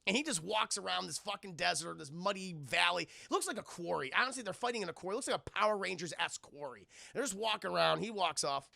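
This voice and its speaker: Gravelly, sarcastic man recapping a film. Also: high-pitched, animated, fast talker, few pauses, sharp tone, no echo. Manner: sarcastic, swears a lot, acts out scenes. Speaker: streamer reviewing a film for live chat. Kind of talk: casual profane film recap.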